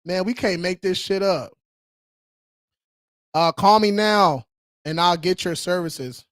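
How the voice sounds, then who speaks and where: A man's voice: sits high, takes it slowly, a bit bright, no room sound, studio quality. A man hosting a casual livestream, talking in a slangy, hyped-up way and calling viewers bro. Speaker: credit repair livestream host.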